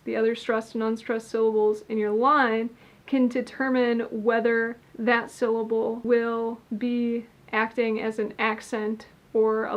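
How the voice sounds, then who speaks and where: Woman explaining poetry rules, slightly high. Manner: methodical, explains step by step with fillers. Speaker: poetry writing teacher. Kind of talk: instructional video explanation.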